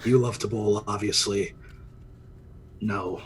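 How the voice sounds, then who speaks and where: A man's voice: fairly low pitch, steady tone, slow, slight background noise. A man playing a tabletop game in character, wry and laid-back. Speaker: player.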